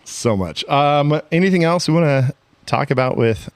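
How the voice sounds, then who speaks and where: A man's voice: fairly high pitch, animated, moderate pace, clean tone, dry recording. Podcast host, man, casual rambling chat, dry close mic. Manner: laughs often, rambling. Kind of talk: casual movie discussion.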